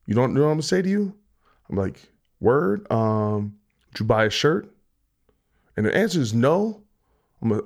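A man's voice: mid-range voice, fairly bright tone. A man hosting a podcast, talking in a rambling, joking way with lots of restarts. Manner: rambling, joking, self-interrupting. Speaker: podcast host. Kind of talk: casual solo chat.

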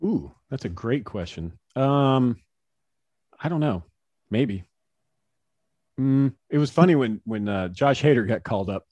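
A man in his forties tells stories as a podcast guest. He is chatty, laughs often, and fills his speech with fillers. His voice is mid-pitched and recorded dry and close. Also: expressive, a little slow, long pauses, darkish tone, dry recording, dull audio. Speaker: guest, former pro baseball pitcher. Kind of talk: casual storytelling in an interview.

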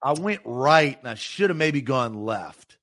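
A man's voice: mid-range voice, lively intonation, measured pace, a bit bright. A man from the Nashville area with a slight Southern accent, co-hosting a casual sports talk show and getting heated when irritated. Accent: slight Southern American. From Nashville area, Tennessee. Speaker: podcast co-host.

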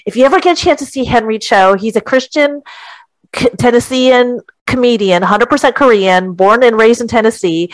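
A chatty woman co-host with a fairly high voice, talking in a loose, rambling way and restarting her sentences often. Her voice sounds dry and close, with no room echo. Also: normal speed. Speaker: podcast co-host. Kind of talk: casual group chat.

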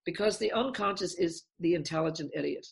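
Animated woman therapist explaining a technique. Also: fairly low pitch, a little fast, creaky. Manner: animated, acts out examples in voices. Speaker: therapist guest.

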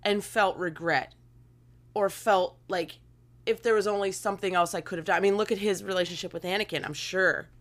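A woman's voice: medium pitch, fairly even intonation, a little fast. Woman, podcast co-host, casual chat, reads letters aloud, enthusiastic, laughs often.

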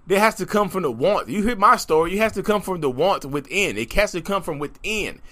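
A man talking straight to his audience in an emphatic, rapid, repeating monologue about his own journey. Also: sits high. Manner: animated, emphatic, rapid, repetitive. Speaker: content creator talking about narcissism. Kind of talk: animated direct-to-camera monologue.

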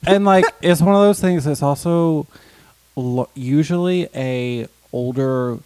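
A young man co-hosting a casual podcast chat, with wry, deadpan asides. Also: on the high side, takes it slowly, no room sound, rough recording. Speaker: podcast co-host.

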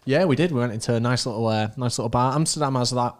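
A man's voice: mid-range voice, quick pace. A young man in casual chat as a podcast co-host, full of jokey, sweary asides.

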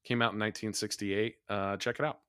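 A man's voice: on the low side, level tone, a little fast, a bit bright, clear, resonant tone, dry recording, studio quality. A man co-hosting a podcast in casual chat, hesitant with many restarts. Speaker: podcast co-host.

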